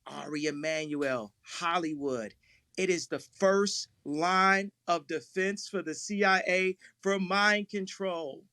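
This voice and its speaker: High, bright-voiced man speaking emphatically. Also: slow, no echo, clean studio sound. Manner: rambling, emphatic, repeats himself. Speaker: interview guest. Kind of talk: live audio chat room conversation.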